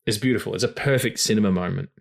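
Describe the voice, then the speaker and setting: A man's voice: lowish voice, rapid-fire, creaky. A man hosting a film podcast in casual chat, rambling and philosophizing with frequent swearing. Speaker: podcast host.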